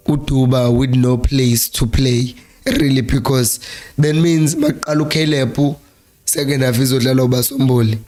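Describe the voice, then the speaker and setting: A hoarse South African man with a flu-worn voice, hosting a live-streamed football chat in a Zulu-accented mix of English and Zulu and reading viewer comments aloud. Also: medium pitch, a little mellow. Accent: South African, Zulu-speaking. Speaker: fan channel host.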